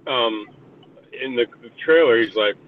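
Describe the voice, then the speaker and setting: A man's voice: medium pitch, unhurried. A man chatting casually on a group call, rambling and swearing freely in a laid-back way. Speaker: podcast co-host. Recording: tinny phone-like line with faint hiss.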